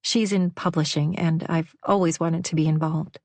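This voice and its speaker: A woman's voice: low-pitched, steady tone, moderate pace, darkish tone, dry recording. Woman voicing a polite, shy young woman. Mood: earnest. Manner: earnest, polite.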